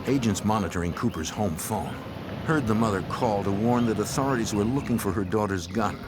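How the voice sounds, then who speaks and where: A man giving measured, scripted narration for a true-crime documentary. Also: lowish voice, very noisy. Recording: loud music bed under voice-over.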